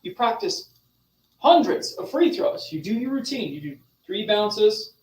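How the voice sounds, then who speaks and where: A young adult man coaching a group over a video call, animated and demonstrative, talking straight to his listeners. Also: sits high, unhurried, roomy sound, recorded from a distance, poor audio. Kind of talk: motivational online session.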